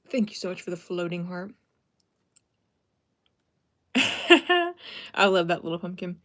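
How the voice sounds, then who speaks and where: A young woman chatting casually on a live stream, self-deprecating and thanking viewers as she talks. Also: mid-range voice.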